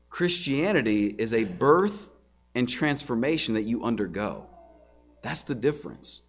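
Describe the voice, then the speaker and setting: A man preaching a sermon as a pastor, earnest and conversational, asking rhetorical questions and often restarting words. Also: mid-range voice. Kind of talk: sermon teaching.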